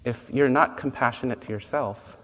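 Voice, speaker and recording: A man giving a dharma talk as a Buddhist teacher, gentle and unhurried, telling stories with pauses. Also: mid-range voice. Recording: long reverb, faint noise.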